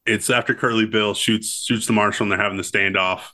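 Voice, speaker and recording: A man's voice: fairly low pitch, fairly even intonation, fairly quick, bright, forceful tone. A man co-hosting a casual movie podcast, recounting scenes and cracking up as he goes. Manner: cracks up while recounting quotes. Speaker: podcast co-host.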